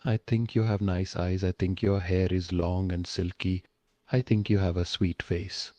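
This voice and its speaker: A very deep, dark-toned AI-voiced pushy lonely man with an Indian accent, pleading in broken English right up against the mic. The sound is dry and dull, like a lo-fi synthetic recording. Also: little pitch movement, measured pace, no room sound. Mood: clingy pushy. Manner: speaks low, close to the mic, broken English. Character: clingy, pushy lonely man chatting up a stranger.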